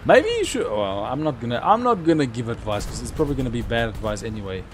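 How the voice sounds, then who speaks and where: A young man talks his way through a live game stream in a lively, bouncing voice, rambling casually between sudden excited yelps. A faint hum of noise sits behind him. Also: mid-range voice, fast talker. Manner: chatty, with sudden excited outbursts. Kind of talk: live gameplay commentary.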